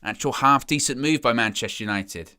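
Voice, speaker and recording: A young man giving excitable, chatty live commentary as a fan following a football match. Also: medium pitch, brisk, clear, resonant tone. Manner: excitable, chatty play-by-play with asides.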